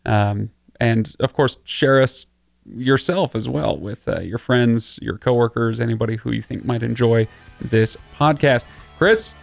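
A man's voice: medium pitch, measured pace, gravelly, no echo, faint music behind. A man co-hosting a business podcast in an easygoing, chatty way, wrapping up with plugs for listeners. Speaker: podcast co-host. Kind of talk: casual podcast chat.

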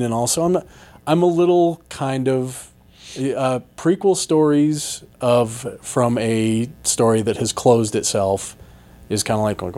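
A man's voice: medium pitch, unhurried, warm tone. A man chatting casually about movies as a podcast co-host, with dry, sarcastic asides.

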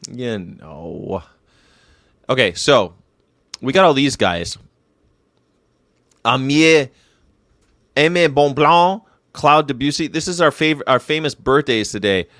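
A man's voice: medium pitch, animated, slow pace, long pauses, fairly bright tone, dry recording, clean studio sound. A young man hosting a casual show, commenting on history facts in an irreverent, rambling way, with swearing and jokes. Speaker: show host.

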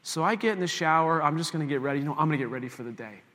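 Pastor, male, fairly high voice, chatty storytelling sermon with quick asides to the room, recorded in a hall with a long echo tail. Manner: animated, self-mocking anecdote with direct asides to the congregation.

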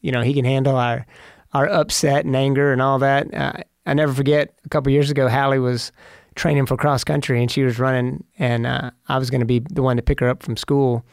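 A man's voice: medium pitch, little pitch movement, brisk, vocal fry, clear, resonant tone, no room sound, studio quality. A man in his forties with teenage daughters, talking earnestly about family and faith, telling stories. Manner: earnest, storytelling, prayerful. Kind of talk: casual faith talk.

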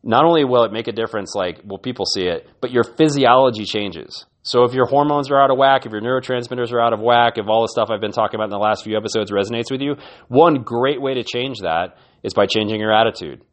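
A man's voice: medium pitch, quick pace. A man hosting a podcast, giving an earnest, encouraging motivational talk and often repeating his words. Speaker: podcast host.

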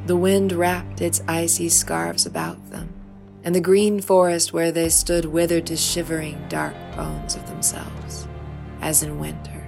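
A woman narrating her own fantasy story in a measured, expressive storybook reading. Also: deep voice, gravelly, over music. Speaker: author and narrator.

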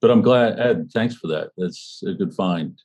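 A man with a very low, slightly husky voice and a dark, mellow tone leads a small study group. He talks in a thoughtful, halting way with many fillers and restarts, then settles into reading passages aloud. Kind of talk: book discussion and reading aloud.

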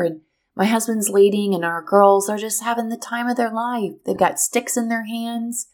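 A woman hosting a podcast, telling a personal story in a lively, expressive way and drawing a motivational lesson from it. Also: on the high side, normal speed. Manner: lively, expressive storyteller who acts out what people said. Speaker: podcast host.

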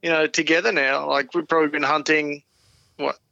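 A man's voice: a little high, level tone, fairly quick, vocal fry, pushed and bright, dry recording. A man, a podcast guest telling easygoing, self-deprecating stories in casual chat. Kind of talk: casual chat about hunting. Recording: dull lo-fi dry sound.

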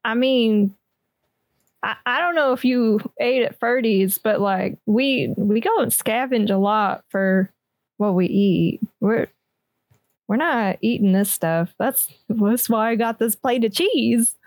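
A woman with a somewhat high voice talks in character at a tabletop game, slowly and casually, stumbling over her words now and then. The sound is dry and close-miked. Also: a little mellow, no room sound. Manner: casual, hesitant, with restarts. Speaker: player.

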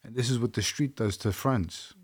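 This Brooklyn man, a guest in a casual interview, tells his story bluntly and with street smarts, quoting dialogue often. His voice is medium-pitched and slightly rough, and he talks at a normal speed in a Brooklyn accent.

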